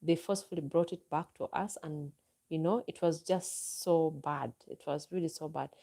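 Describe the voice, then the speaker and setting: During a live chat, a Ugandan-accented woman vlogger from Uganda gives viewers calm, advising answers. Her voice is soft, mellow, slightly low and creaky, and her pace is easy and unhurried.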